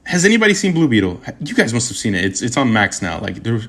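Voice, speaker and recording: A young man of Puerto Rican heritage chatting casually on a livestream, rambling and animated, with constant stammering restarts and slang. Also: medium pitch, quick pace. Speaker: streamer answering chat.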